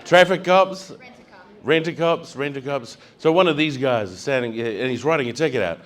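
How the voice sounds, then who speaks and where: A male stand-up comedian telling stories on stage, animated, acting out scenes and building to shouts. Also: mid-range voice, a little fast. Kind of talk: stand-up storytelling. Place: comedy stage before a live audience.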